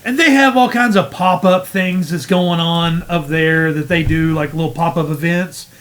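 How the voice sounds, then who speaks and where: Casting: guy, podcast regular, slightly high voice, loose rambling storyteller. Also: normal speed, a bit bright. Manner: rambling, laid-back storyteller. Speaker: podcast host. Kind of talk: casual chat.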